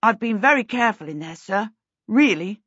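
A woman doing an eager young boy, high and bright. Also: lively intonation, moderate pace, breathy edge, dry recording, highs cut off. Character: cheerful eager young boy wizard apprentice.

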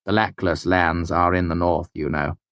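In an audiobook, a man voices a weary, irritable middle-aged mayor who talks curtly and brusquely, sounding exasperated. His voice is low-pitched and steady at a moderate pace, a bit bright and smooth, with no room sound.

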